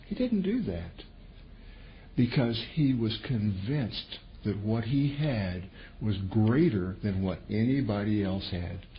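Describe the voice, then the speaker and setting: A male preacher in mid-sermon, his voice leaping up and down as he retells a scripture story and puts on the characters' lines. The recording is dull and lo-fi, with a faint hiss behind him. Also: takes it slowly. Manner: animated storytelling, voices quotes with sudden pitch jumps.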